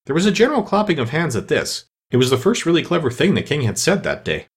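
Expressive male storybook narrator. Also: on the high side, fast. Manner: expressive, animated reading. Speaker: audiobook narrator.

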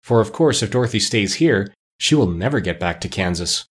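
A man's voice: fairly low pitch, animated, a little fast, natural voice. Man reading as a thoughtful straw Scarecrow. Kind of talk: audiobook character reading.

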